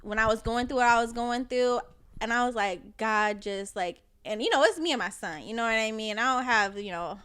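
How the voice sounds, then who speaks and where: Young woman podcast guest, bright and high, expressive, emotional storyteller. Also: brisk, clear, resonant tone. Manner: emotional, animated storytelling, often laughing. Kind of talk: casual chat.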